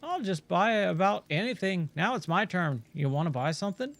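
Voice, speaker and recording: A man's voice: high-pitched, sing-song, moderate pace, a bit bright, faint music behind, full character voice. A man voicing a chatty male traveling merchant in a jumbled mix of accents, with friendly sales patter. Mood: cheery. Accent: mixed put-on accent.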